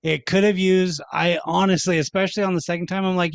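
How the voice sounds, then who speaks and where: A man's voice: high-pitched, little pitch movement, fast talker, vocal fry, clear, resonant tone, no echo. A man co-hosting a casual film podcast, giving blunt, enthusiastic opinions. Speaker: podcast co-host. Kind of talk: casual chat.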